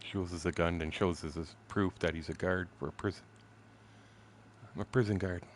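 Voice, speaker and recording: Gruff man in his sixties. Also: low-pitched, flat delivery, brisk, slight background noise. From Windsor, Canada. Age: 60s. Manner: profane, blunt, chuckling storyteller. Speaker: game streamer. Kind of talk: rambling anecdote told while gaming.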